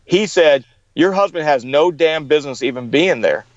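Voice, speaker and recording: A middle-aged man with a fairly high voice tells his story, acting out the people he quotes. The recording is dry and a little dull. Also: animated, normal speed, no room sound. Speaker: guest. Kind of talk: storytelling in an interview.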